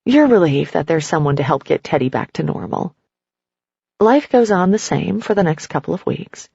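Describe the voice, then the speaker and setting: A woman narrating a nonfiction audiobook, telling a story in the second person in a steady way. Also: deep voice, normal speed, vocal fry, husky, no echo, muffled recording.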